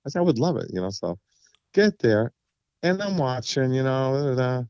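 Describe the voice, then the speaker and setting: This guest vocalist on an interview show speaks at a moderate pace in a clean tone, telling stories in a relaxed, chatty way. He brings quotes to life, performing them with big pitch jumps. There's no echo, though the high frequencies are cut off.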